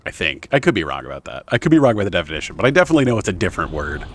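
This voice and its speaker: A man's voice: sits low, very animated, very fast, fairly bright tone. A young man streaming a video game, rambling casually with lots of fillers and self-corrections. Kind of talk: casual gameplay commentary.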